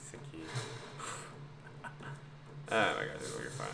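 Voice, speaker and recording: A man's voice: very deep voice, sing-song, slow pace, creaky, long pauses, background noise. Chatty man commentating a card game. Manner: chatty, reacting aloud to a card game, addressing viewers as guys. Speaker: gameplay youtuber. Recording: roomy echo with loud background music.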